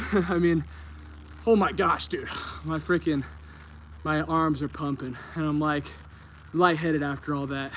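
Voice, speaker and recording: With a bright, high-leaning voice and a bit of noise in the background, a young man talks loosely and slangily while livestreaming a baseball workout on an outdoor lawn, sounding winded.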